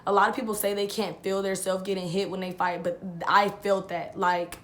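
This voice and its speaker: A woman's voice: mid-range voice, level tone, moderate pace, fairly bright tone. Young woman telling a story to viewers. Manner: chatty, repeats herself, addresses viewers as y'all. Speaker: vlogger. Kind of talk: casual storytelling.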